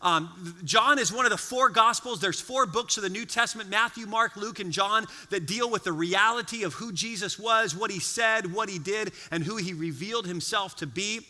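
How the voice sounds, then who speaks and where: High bright guy preaching in church, storytelling, lots of reverb. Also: normal speed, few pauses. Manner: storytelling, animated, acts out quoted voices. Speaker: pastor. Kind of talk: sermon. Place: church sanctuary.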